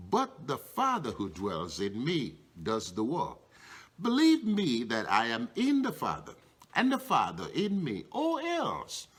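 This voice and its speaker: A middle-aged man preaching with a lively voice that swings up and down. He talks conversationally, leaning on "you know" and repeated refrains like a pastor working a congregation. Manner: rhetorical refrains, swinging pitch up and down. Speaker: bishop preaching. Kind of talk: sermon.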